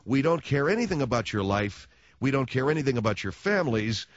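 A man hosting a radio talk show, delivering a mock-solemn, sarcastic announcement in a deadpan way into a studio microphone. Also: mid-range voice, a little fast, dry recording, lo-fi sound. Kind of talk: sardonic radio monologue.

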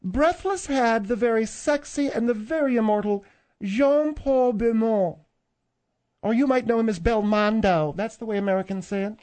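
Older woman, radio co-host, mellow tone, slightly high, bossy, teasing banter. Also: fairly quick, hardly any pauses.

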